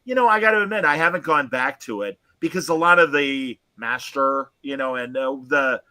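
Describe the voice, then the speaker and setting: A man's voice: mid-range voice, normal speed, sharp tone, no echo. A man co-hosting a casual film review chat, talking emphatically and restarting his sentences often. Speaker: podcast co-host.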